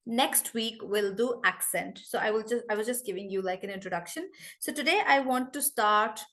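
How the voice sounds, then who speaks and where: A woman teaching English in an online class over a video call, brisk and chatty, calling on students by name. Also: mid-range voice, fairly bright tone.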